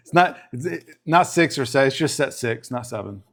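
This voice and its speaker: A middle-aged man in an easygoing livestream chat, talking through his card pulls in a loose, rambling way. He often trails off and restarts his sentences, and his voice sits in an ordinary middle pitch. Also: normal speed. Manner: relaxed, rambling, breaks off and restarts. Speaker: streamer opening trading cards.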